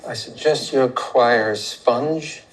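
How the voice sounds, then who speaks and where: A man plays a cold, calculating consultant boss whose orders come out slow, measured and icy. His voice sits at an ordinary male pitch and never rises. It sounds like a clip lifted from a polished drama series. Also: lightly acted, rough recording. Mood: icy commanding.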